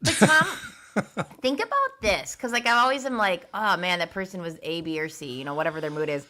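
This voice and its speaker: A woman's voice: lowish voice, quick pace, bright, forceful tone. A woman co-hosting a podcast, chatting in a rambling way about her grandparents. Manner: chatty, rambling with many fillers and restarts. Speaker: podcast co-host. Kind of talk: casual chat.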